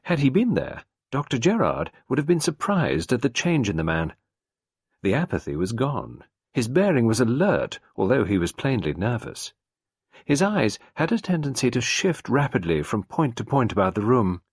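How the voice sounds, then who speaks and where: A man narrating a novel as an audiobook reader, expressive and steady. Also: medium pitch, normal speed, slightly rough, dry recording, clean studio sound.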